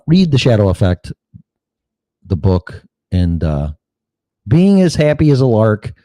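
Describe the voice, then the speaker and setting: A man rants through a solo political show, blunt and profane, mocking the other side. His pitch swings widely, his tone is mellow and dark, and the sound is dry and close. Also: no echo. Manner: blunt, heated, swears often, mocks opponents in put-on quotes. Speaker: podcast host.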